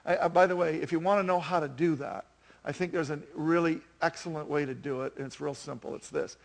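High, gravelly-voiced man in his fifties preaching. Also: fairly quick. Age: 50s. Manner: chatty, self-deprecating, animated storytelling. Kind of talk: sermon.

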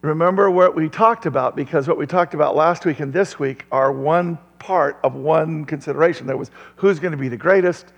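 A male pastor preaching a sermon in a church, lively, throwing questions to the crowd and chuckling often. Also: a little high, brisk, gravelly, few pauses, in a large hall.

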